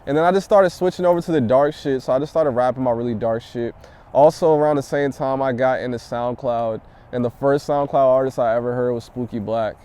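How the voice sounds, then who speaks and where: A young rapper from the DMV area talks through his story outdoors in the city, cursing freely and getting animated. His voice is low-toned and mellow, smooth and resonant, and passing traffic sits behind him. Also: a little fast. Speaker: rap artist interviewee. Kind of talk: casual interview answers.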